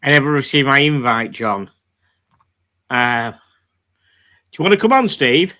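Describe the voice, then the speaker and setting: A man with a bright, forward voice hosts a casual live stream. He chats loosely, reads out viewers' greetings and thanks them one by one. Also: mid-range voice, lively intonation, measured pace. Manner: chatty, reads chat greetings aloud. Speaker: livestream host.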